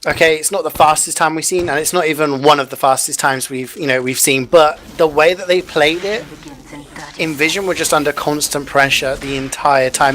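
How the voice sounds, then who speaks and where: A male esports caster giving relaxed, analytical color commentary with casual asides and jokes. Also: on the high side, slight background noise. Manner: chatty, jokey, lots of "you know".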